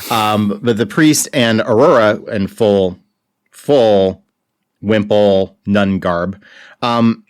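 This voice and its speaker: A man co-hosting a comic-book podcast in easy, casual talk. His voice sits a little low for a man. His delivery is wry and thoughtful, with laughing asides. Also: slow pace, clear, resonant tone. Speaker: podcast co-host.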